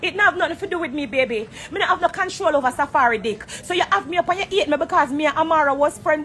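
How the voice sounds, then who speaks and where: Jamaican woman, high-pitched, confrontational, swears freely, live from an airport on her phone. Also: fairly bright tone, slight background noise. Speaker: entertainer on a social media live. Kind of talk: heated live-stream rant. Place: airport corner, indoors.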